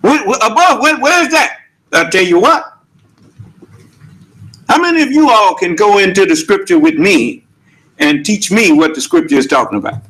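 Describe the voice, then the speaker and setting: A man's voice: sits high, expressive, normal speed, long pauses, fairly bright tone, low-quality recording. A man preaching a sermon with emphatic rhetorical questions and casual vernacular speech. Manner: emphatic, rhetorical questions, Southern US Black English.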